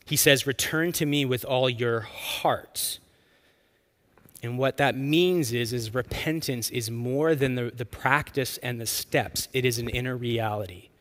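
Bright-voiced man preaching earnestly. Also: mid-range voice, slow pace. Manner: earnest, expressive preaching with stretched-out emphatic lines. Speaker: pastor. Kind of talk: sermon.

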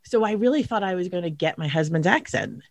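A woman's voice: lowish voice, lively intonation, a little fast, no room sound. An American woman hosting a podcast interview, chatty and playful. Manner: chatty, playful, laughs along. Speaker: podcast host. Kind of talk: casual interview.

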